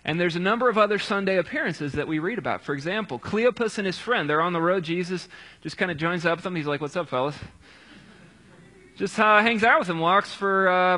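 A male preacher with a bright, forceful voice sitting a little high. He retells scripture in a relaxed, conversational sermon and drops in casual asides as he goes.

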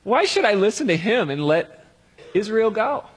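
A man voicing a haughty, dismissive Egyptian pharaoh as he retells a Bible story, with drawn-out, scornful retorts. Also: high-pitched, very animated, slightly rough, long reverb tail, voice pushed up, heavily acted.

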